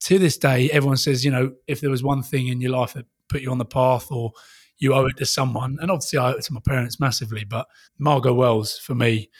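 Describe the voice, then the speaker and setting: A man's voice: medium pitch, fairly even intonation, quick pace, no room sound, clean studio sound. A man in his thirties, a rugby player guest, chatting casually and freely with banter and the odd swear word. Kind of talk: casual conversation.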